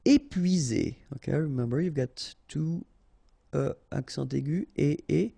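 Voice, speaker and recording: A man with a French accent teaching pronunciation in a slow, unhurried way, repeating and spelling out each word. His voice is dark and gravelly, with a husky edge. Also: fairly high pitch, no echo. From France. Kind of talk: pronunciation drill.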